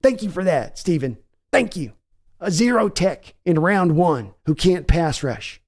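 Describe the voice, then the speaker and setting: A man's voice: on the high side, lively intonation, a little slow, darkish tone. A man putting on the voice of a brash, cocky older Texan team owner who scolds his son. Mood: scolding, mocking. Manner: blustering, scolding, drawling.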